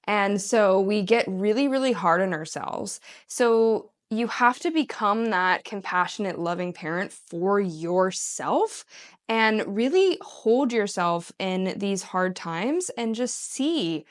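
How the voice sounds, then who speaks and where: A woman talking to camera as a self-help coach, earnest and encouraging, who slips into bright mock-cheery voices when she quotes herself. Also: medium pitch, animated, slow. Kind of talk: casual talk to camera.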